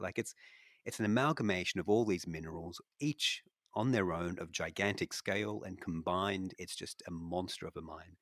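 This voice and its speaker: A man's voice: deep voice, gravelly, no echo, clean studio sound. A man with an Australian accent talking through stock analysis on a podcast, rambling with lots of restarts and fillers. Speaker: investment analyst co-host. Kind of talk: casual podcast discussion.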